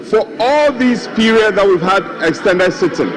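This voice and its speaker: A man's voice: high voice, expressive, moderate pace, a crowd in the background. A man, a minority chief whip, pleading insistently and repetitively in parliament. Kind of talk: impassioned parliamentary plea. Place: large parliament chamber. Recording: noisy chamber with members murmuring.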